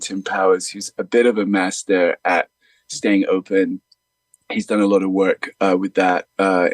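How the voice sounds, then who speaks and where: A musician appearing as a guest reflects on his experiences in conversation, telling stories in an earnest, rambling way with many fillers. His voice is fairly low-pitched, and there's no echo.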